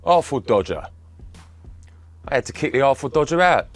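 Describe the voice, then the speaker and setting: A man with a Cockney accent giving loud, punchy examples of rhyming slang in a lesson video. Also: mid-range voice, very animated, normal speed, faint music behind, pitched below the performer's own voice, lightly acted. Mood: cheeky. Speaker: guest speaker in a language lesson video.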